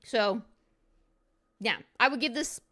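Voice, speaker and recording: A woman's voice: a little high, slow, pushed and bright. A woman streamer giving a casual card review at her computer, goofy and playful with silly jokes.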